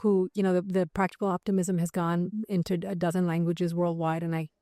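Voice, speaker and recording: A woman's voice: fairly low pitch, little pitch movement, a little fast, dark tone, no echo, clean studio sound. A middle-aged woman psychiatrist talking as a podcast guest, telling stories with many fillers and acting out the thoughts she quotes. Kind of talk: conversational interview.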